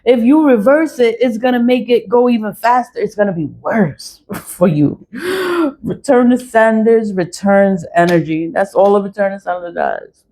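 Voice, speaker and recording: A woman's voice: mid-range voice, normal speed, dark tone. A woman ranting to the camera in a blunt, profane, defiant way, repeating her phrases and laughing between lines. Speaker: vlogger.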